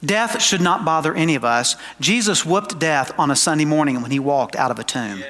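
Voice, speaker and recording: A man preaching a sermon to his congregation, emphatic, slowing down for quoted scripture and dropping into conversational asides. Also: fairly high pitch, expressive, a bit bright. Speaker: pastor. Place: church sanctuary. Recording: long hall reverb.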